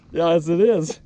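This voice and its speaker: A man's voice: on the high side, mellow, a little hiss or hum. A man working as a fishing guide, chatting and joking on a boat on a lake, often laughing and restarting his sentences. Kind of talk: casual fishing vlog chat.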